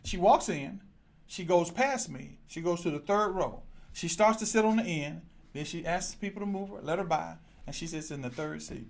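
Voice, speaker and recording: A man's voice: a little high, normal speed, creaky. A man preaching a sermon, speaking straight to his congregation and moving a handheld microphone as he goes. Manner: lively preaching, direct address to congregation. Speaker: pastor.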